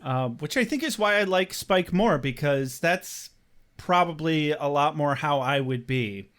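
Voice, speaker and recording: A man's voice: on the high side, expressive, unhurried, a bit bright. A man co-hosting a podcast in loose, profane casual chat, laughing often. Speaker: podcast co-host.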